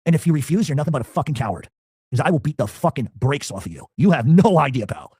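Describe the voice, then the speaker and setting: A man's voice: on the high side, sing-song, quick pace, a little mellow, breathy edge, dry recording, studio quality. A man delivering a profane, taunting challenge rant with aggressive insults. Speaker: angry ranter.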